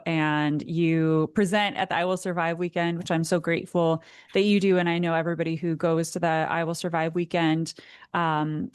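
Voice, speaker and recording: Smooth-voiced woman host asking questions. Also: fairly low pitch, dry recording, clean studio sound. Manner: appreciative, thanks the guest at length. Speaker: podcast host. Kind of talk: interview questions.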